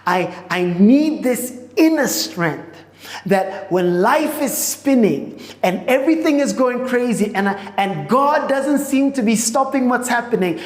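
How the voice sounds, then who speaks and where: A woman pastor preaching a sermon in a church auditorium. She speaks in slow, repeated phrases and often restarts her sentences. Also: on the high side, expressive. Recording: echoey hall with long reverb.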